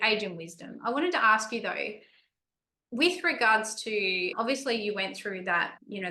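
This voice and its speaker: A woman's voice: mid-range voice, pushed and bright, a little hiss or hum. A woman hosting a podcast interview, responding supportively and reflecting on what the guest shares, with frequent restarts. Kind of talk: interview conversation. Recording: roomy echo.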